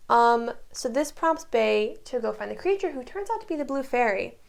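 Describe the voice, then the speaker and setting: A woman's voice: a little high, expressive, moderate pace, creaky. A woman giving a casual, chatty recap of a TV season, breezily retelling scenes and tossing asides to the viewer. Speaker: TV recap creator.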